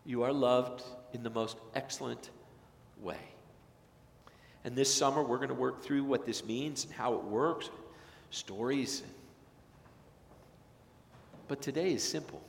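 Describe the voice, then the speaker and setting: A male pastor preaching a sermon, rising to loud emphatic peaks and dropping to hushed, slow phrases. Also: medium pitch, vocal fry, echoey room, in a large hall, a little hiss or hum. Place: church sanctuary.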